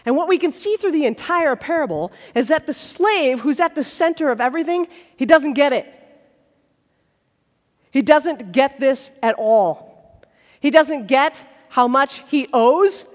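A woman preacher with a high, lively voice that swoops through a wide range as she retells a parable with playful, animated storytelling. Her voice rings through a large hall with a long reverb tail. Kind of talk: sermon.

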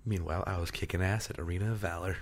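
A man's voice: low-pitched, steady tone, very fast, a little hiss or hum. A man joining a casual podcast chat, laid-back and profane.

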